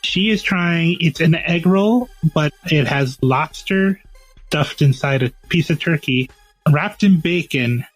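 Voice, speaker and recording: A man playing in a tabletop game, excitable and quick to giggle. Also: a little high, soft background music, poor audio. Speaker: player. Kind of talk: casual chat during a tabletop game.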